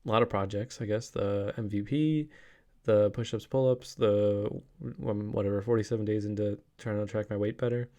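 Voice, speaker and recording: A man's voice: on the low side, moderate pace. Rambling, upbeat man vlogging. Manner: rambling, many restarts and fillers; upbeat, excited. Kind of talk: casual daily vlog.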